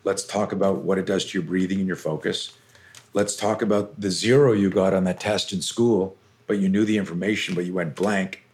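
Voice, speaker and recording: A man's voice: deep voice, steady tone, brisk, a little mellow. A middle-aged man, a self-defense coach, telling stories intensely and animatedly as a podcast guest, with casual swearing. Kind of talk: podcast interview storytelling.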